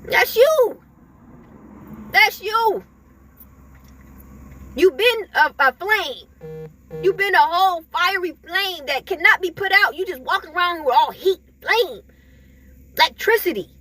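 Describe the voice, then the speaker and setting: A woman's voice: very high-pitched, big pitch swings, measured pace, pushed and bright. A woman giving an emphatic, repetitive spiritual pep talk to her viewers, chuckling between points. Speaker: spiritual vlogger.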